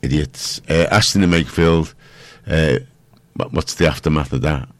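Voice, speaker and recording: A man's voice: rumbling low, fairly even intonation, normal speed, no echo. A man hosting a local radio show, chatting casually in a rambling, jokey way. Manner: rambling, jokey, self-mocking. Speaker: radio host.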